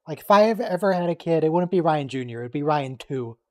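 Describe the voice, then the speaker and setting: A man hosting a casual watch-along stream, joking and quickly reacting to what's on screen and teasing his friends. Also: on the high side, lively intonation. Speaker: stream host.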